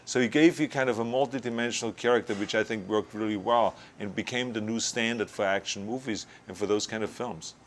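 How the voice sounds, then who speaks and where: A man speaking in a measured, explanatory way in an interview. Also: medium pitch, a little hiss or hum. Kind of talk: interview commentary.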